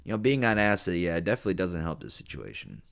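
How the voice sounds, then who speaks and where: A man with a deep, low-pitched voice reads an online story aloud as host. He keeps stopping to add playful, sarcastic remarks. His delivery is loose and casual, full of ums and uhs. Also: big pitch swings, fast, creaky. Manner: playful, sarcastic, many fillers. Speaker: host reading and reacting to online stories. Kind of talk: casual read-aloud with joking asides.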